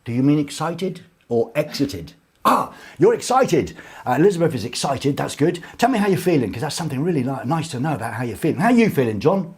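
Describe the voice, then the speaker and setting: A man's voice: fairly high pitch, animated, quick pace, hardly any pauses, darkish tone, slightly rough. A man hosting a casual live show from a small studio, reading out viewer comments with cheeky, rambling jokes. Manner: jokey, rambling, cheeky asides.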